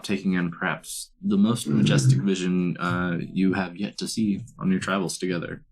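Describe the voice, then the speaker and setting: A man narrating a tabletop game as game master, in measured, descriptive narration with frequent hesitations. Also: sits low, fairly even intonation.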